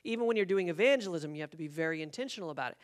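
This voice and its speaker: A man preaching as a pastor, telling a personal story in an animated way and acting out the quotes. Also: a little high, racing. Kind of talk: sermon storytelling. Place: church sanctuary.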